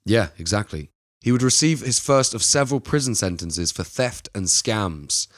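A man with a lowish voice co-hosts a casual true-crime chat, rambling playfully through the story. The sound is close and dry. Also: lively intonation, normal speed, a bit bright, dry recording. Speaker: podcast co-host.

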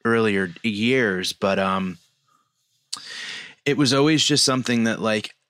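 Speaking slowly in a voice on the low side with a fairly bright tone, this podcast co-host in his forties tells rambling stories in casual conversation. He uses lots of fillers. The studio-quality audio has no echo.

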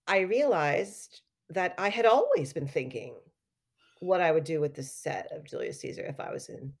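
A middle-aged woman telling stories in a casual interview, animated and acting out quoted lines with laughter. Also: lowish voice. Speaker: guest artist and educator.

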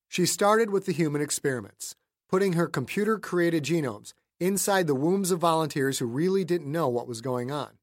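A man narrating a novel as an audiobook in an even, measured storytelling voice. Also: a little high, dry recording, studio quality. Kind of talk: scripted narration.

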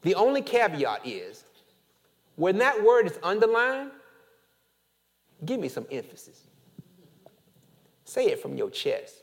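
A man preaching a sermon as pastor, animated, with call-and-response and casual storytelling asides. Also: high-pitched, slow pace, creaky, pauses often.

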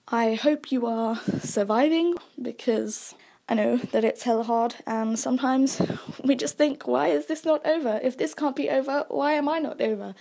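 A young woman hosting a solo podcast, chatty and self-mocking, dropping into soft asides. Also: a little high. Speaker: podcast host.

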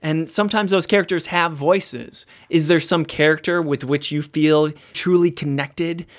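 A man hosting a podcast, chatting casually in a playful, teasing, animated way. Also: a little high, moderate pace. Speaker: podcast host.

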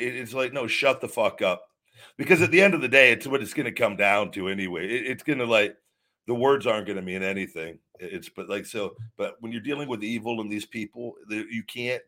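Man, lowish voice, angry podcast rant, constant profanity, repeated false starts. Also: a bit bright. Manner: profane, heated, stumbling restarts. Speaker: podcast host. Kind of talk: livestream rant.

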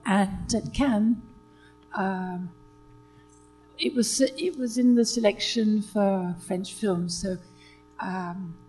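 An older British actress, a guest telling stories in a relaxed chat, hesitant with many fillers and restarts. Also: female voice, medium pitch, extremely slow, long pauses, breathy edge, faint music behind, rough recording. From Britain.

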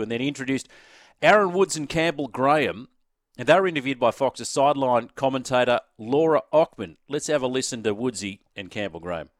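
An Australian man delivers a radio sports editorial, hammering his points home and repeating phrases for effect. His voice sits at a middle pitch, and the studio sound is dry and close. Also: animated, fairly quick, dry recording. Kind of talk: opinion editorial on talk radio.

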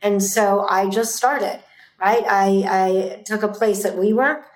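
A woman's voice: medium pitch, steady tone, slow pace. A woman in her fifties, an entrepreneur guest, telling her story intensely and emphatically, repeating lines for force. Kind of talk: emotional personal storytelling. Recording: roomy echo with faint music.

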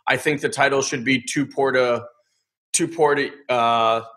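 A man hosting an interview, wrapping up with a halting, hesitant delivery. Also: medium pitch, fairly even intonation, fairly bright tone. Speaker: interview host. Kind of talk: casual chat.

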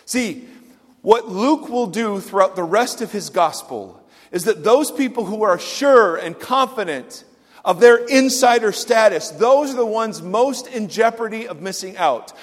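A man pastor delivering a sermon, swinging from loud emphatic lines to hushed, quiet asides. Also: high voice, expressive, unhurried, in a large hall.

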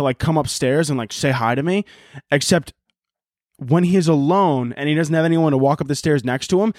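A man with a slightly high voice riffs alone on his home podcast, launching into rambling, foul-mouthed comedic rants in a casual monologue. The sound is dry and of studio quality.

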